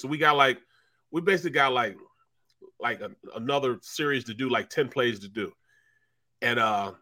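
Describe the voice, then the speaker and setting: A man co-hosting a casual sports talk show, telling locker-room stories and acting out teammates with loud, raised voices. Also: mid-range voice. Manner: animated storyteller who acts out teammates with loud raised voices and laughter. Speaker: co-host, former football player.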